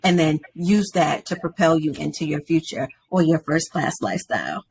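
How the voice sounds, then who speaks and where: Gravelly, husky woman telling her story. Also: deep voice, moderate pace. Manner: animated storyteller, acts out quoted voices. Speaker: podcast guest. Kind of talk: personal storytelling in an interview.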